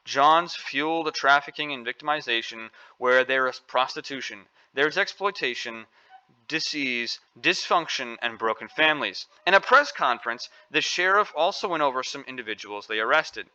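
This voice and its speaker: A man's voice: mid-range voice, lively intonation, normal speed, pushed and bright, clean tone, lo-fi sound. A man giving opinionated, indignant news commentary, stressing points by repeating phrases. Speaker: commentary vlogger.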